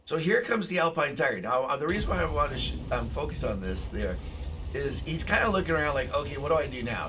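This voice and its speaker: Excitable man commentating his tank game. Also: medium pitch, distant mic, a little hiss or hum. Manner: excitable, swears, bursts into shouts. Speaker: gameplay commentator. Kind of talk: casual gameplay commentary.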